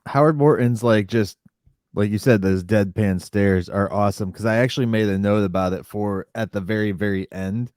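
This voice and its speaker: A male podcast co-host recapping a TV episode in casual chat, animated and given to mimicking characters. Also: normal speed, no echo, studio quality. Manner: animated, acts out characters' lines in silly high voices.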